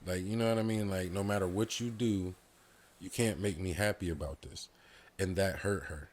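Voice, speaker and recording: Deep-voiced man telling a heartfelt story. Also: fairly even intonation, normal speed, a little mellow. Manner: candid, heartfelt storytelling with frequent "like" fillers. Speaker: podcast guest. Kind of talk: casual conversation.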